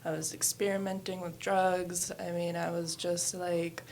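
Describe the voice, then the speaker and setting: A woman's voice: on the low side, little pitch movement, a little slow, darkish tone, slight background noise. A woman in her thirties, a yoga studio owner, telling her life story candidly in a casual interview, with many fillers. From New Hampshire and West Virginia.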